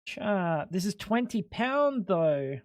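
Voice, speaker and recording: Very animated yet slow-paced, a young streamer jokes loosely with his chat, swears freely, and squeaks high in disbelief when something puzzles him. The audio is clean studio sound with no room sound at all.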